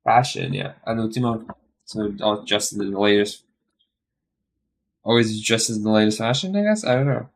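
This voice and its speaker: A man with a voice on the low side live streams his study session. He thinks aloud in a rambling way, corrects himself, and slowly sounds out phrases.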